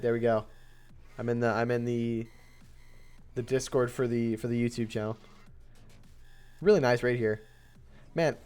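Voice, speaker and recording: A male streamer talks casually at a mid pitch, chatty and quick to laugh. He thanks viewers between bits of match commentary. Faint music plays softly underneath. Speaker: streamer and host.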